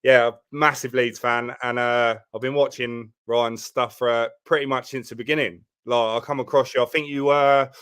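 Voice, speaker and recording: A man's voice: mid-range voice, level tone, moderate pace, few pauses, a bit bright, smooth. A man with a Southern English accent joining a live stream over a video call, laid-back and slangy with easy enthusiasm. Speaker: guest. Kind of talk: casual live stream chat.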